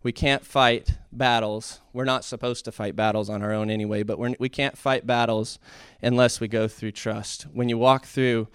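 Smooth-voiced man preaching informally. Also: mid-range voice, fairly even intonation, normal speed, dry recording, studio quality. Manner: conversational, rising to fervent emphasis. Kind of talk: informal sermon.

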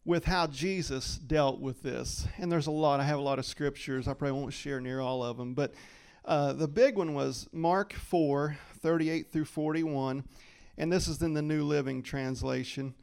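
A man praying and then giving an informal devotional talk, folksy and quick to laugh as he acts out quoted lines. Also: a little high, steady tone, gravelly, a little mellow, smooth. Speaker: lay speaker sharing a devotional.

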